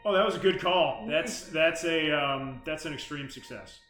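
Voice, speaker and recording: A man's voice: a little high, expressive, normal speed. A man playing a tabletop game, laid-back and joking. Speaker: player. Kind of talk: casual tabletop play. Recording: echoey room with music behind.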